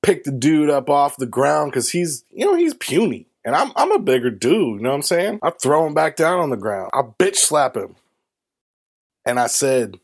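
A man telling a comedic story in a profane, animated way. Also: moderate pace, slightly rough. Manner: animated, profane, swings into high put-on voices. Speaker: storyteller host.

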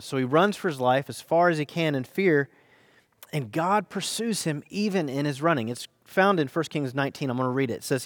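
A man's voice: on the high side, dry recording, studio quality. Earnest American man preaching a sermon. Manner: earnest preaching with dynamic emphasis, slowing for key phrases. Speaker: pastor.

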